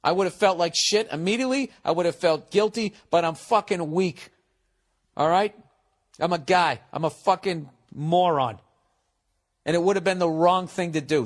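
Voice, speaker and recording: A man's voice: sits high, lively intonation, moderate pace. A man in his fifties with a Boston accent, giving blunt, profane advice in a casual podcast monologue.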